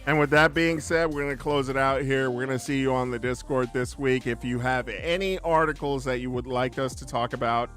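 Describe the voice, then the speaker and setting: A man's voice: mid-range voice, fairly even intonation, fairly quick, few pauses, a bit bright, faint music behind. A man hosting a casual gaming news podcast, easygoing and rambling as he wraps up the show. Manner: easygoing, rambling sign-off with fillers. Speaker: podcast host. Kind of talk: casual podcast chat and sign-off.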